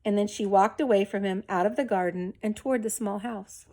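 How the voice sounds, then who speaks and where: A woman reading a children's novel aloud in a measured, expressive storytelling manner. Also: mid-range voice. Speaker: reader.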